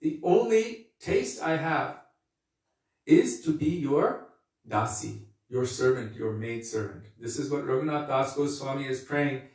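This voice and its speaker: Male spiritual teacher, measured devotional talk, repeats phrases, distant and echoey. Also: mid-range voice, lively intonation, a little mellow. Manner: earnest, unhurried, repeats phrases for emphasis. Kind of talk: devotional lecture.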